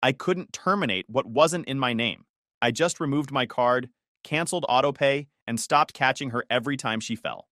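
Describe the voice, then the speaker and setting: A man's voice: medium pitch, normal speed, pushed and bright, no echo, studio quality. A man narrating a first-person family drama story in a bitter, matter-of-fact way.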